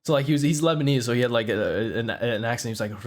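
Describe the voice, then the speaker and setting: A man's voice: medium pitch, quick pace, hardly any pauses. A young man hosting a podcast, telling a story in a casual, rambling way, full of filler words and swearing. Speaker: podcast host.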